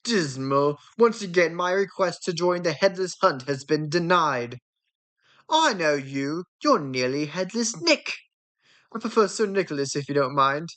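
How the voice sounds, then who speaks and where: A woman's voice: sits low, expressive, measured pace, a bit bright. A woman voicing a gloomy, prim male ghost of a nobleman in a fan reading of a film script. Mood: dismal.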